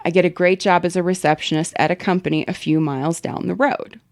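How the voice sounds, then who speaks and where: A woman reading a story aloud in an animated, casual way. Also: lowish voice, fast talker, no room sound. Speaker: story reader.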